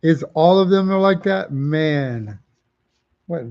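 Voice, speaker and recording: A man running a live comic auction, chatting away and repeating each price and title as he goes. His voice sits a little high but sounds mellow and dark in tone. The stream audio is dull and lo-fi. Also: lively intonation, slow. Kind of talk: casual live-stream selling.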